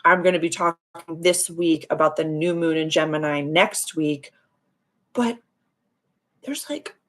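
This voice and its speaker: A woman's voice: fairly low pitch, vocal fry. Bubbly woman hosting a livestream. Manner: bubbly, effusive, chatty with many fillers. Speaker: astrology livestream host. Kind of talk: casual live chat with viewers.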